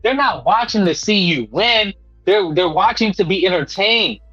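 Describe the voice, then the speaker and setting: A man with a high voice holding forth as a boxing talk host, emphatic and preachy, and he keeps tossing in "man." The audio is dull and lo-fi, with faint music running underneath. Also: lively intonation, moderate pace, a bit bright, slightly rough. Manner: emphatic and preachy, repeats himself, peppers lines with "man". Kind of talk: casual boxing commentary monologue.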